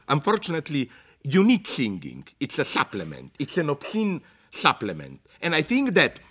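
An older man from Slovenia, giving an improvised philosophical lecture in English. He talks in an animated, digressive way, restarting sentences and adding tag questions like "no?". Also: medium pitch.

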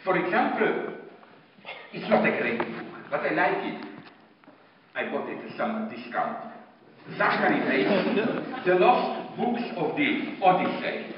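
A man giving an animated, digressive public lecture with many fillers. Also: high-pitched, unhurried, pauses often, background noise. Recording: distant mic in echoey hall, dull sound.

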